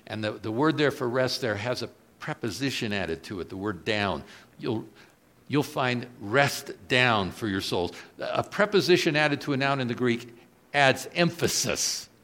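A man preaching a sermon, moving between quiet reflective lines and loud, emphatic questions put to the congregation. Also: expressive, a little slow. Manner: swings from soft low asides to loud emphatic rises; asks the audience questions.

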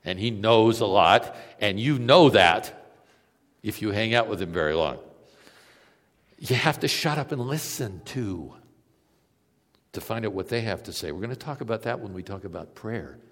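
A male preacher delivering a sermon, telling stories and moving between emphatic peaks and quiet, low passages. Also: animated, normal speed, long pauses, big-room sound.

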